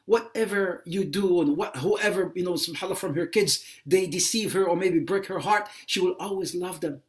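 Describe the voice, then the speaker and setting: A man's voice: high voice, moderate pace. A man giving a religious lecture on a livestream, impassioned, repeating phrases for emphasis and mixing in Arabic religious phrases. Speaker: Islamic lecturer.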